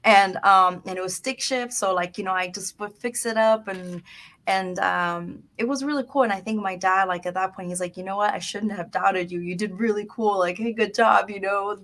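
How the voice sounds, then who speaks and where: A woman's voice: medium pitch, normal speed, fairly bright tone. A woman in her thirties telling stories in casual talk on a radio show, dropping Spanish phrases into her English. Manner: chatty storytelling with Spanish phrases mixed in. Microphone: studio microphone.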